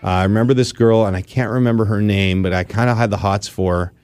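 A man's voice: on the low side, steady tone, quick pace, darkish tone, soft background music. A man co-hosting a casual podcast who tells self-mocking stories and laughs often. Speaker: co-host, sports TV analyst.

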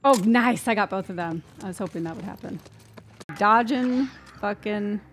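A woman streaming a video game, reacting excitedly, cursing and laughing and yelping when startled. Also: mid-range voice, normal speed, slight background noise. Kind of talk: live gameplay reactions.

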